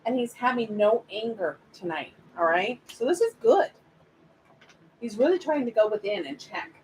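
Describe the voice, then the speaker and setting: A woman's voice: a little high, animated, moderate pace, a little mellow, a little hiss or hum, low-quality recording. A woman giving live spiritual readings to viewers, chatty and affectionate, calling them by pet names. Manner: chatty, speaks straight to viewers. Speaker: spiritual reader. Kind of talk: live-streamed card reading.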